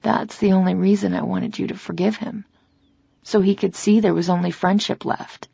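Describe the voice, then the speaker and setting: A woman narrator voicing a caring older motherly woman who speaks softly, slowly and a little raspily, in a slightly dull, dry audiobook recording. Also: medium pitch, fairly even intonation, no echo. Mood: tender. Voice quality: small, slightly raspy voice. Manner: soft, slow, consoling. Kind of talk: audiobook character reading.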